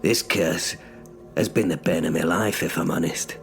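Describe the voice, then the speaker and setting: A man's voice: low-pitched, moderate pace, gravelly, faint music behind. A man narrating in first person as a bitter cursed sorcerer stuck in menial work, sardonic and sweary in an audio drama. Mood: sardonic grumbling.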